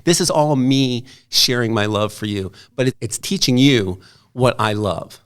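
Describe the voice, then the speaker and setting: A middle-aged man, an artist and author, talking casually as a guest and telling animated stories. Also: medium pitch, measured pace, clear, resonant tone. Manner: animated storyteller, quoting others in lively voices. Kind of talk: casual conversation.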